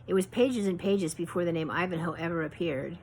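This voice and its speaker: A woman reading her own memoir aloud in a measured, reflective way. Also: lowish voice, a little mellow, slight background noise, poor audio.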